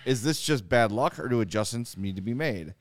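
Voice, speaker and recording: A man's voice: mid-range voice, lively intonation, a little fast, no room sound, clean studio sound. A man with a Chicago accent co-hosting a casual sports podcast, reading listener questions aloud with a joking manner. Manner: jokey, reads mailbag questions aloud.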